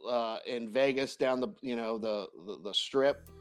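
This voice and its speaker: Casting note: male dating coach, animated and profane, laughs easily, faint music underneath. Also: mid-range voice, unhurried, clean tone. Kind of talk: podcast interview answers.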